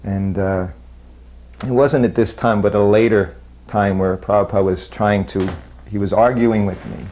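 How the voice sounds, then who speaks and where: A man with a fairly low voice looks back on his years as a disciple. He talks in a halting, self-deprecating way, pausing and restarting often. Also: steady tone, a little mellow, a little hiss or hum. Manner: halting, self-deprecating, chuckles between memories. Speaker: former disciple recalling memories. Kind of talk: reminiscing interview.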